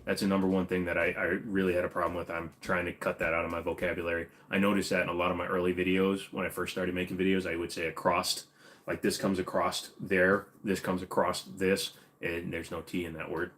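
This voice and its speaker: Deep-voiced blunt Minnesotan man. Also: little pitch movement, fast talker, few pauses, a bit bright. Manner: blunt and opinionated. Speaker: host. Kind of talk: casual livestream Q&A.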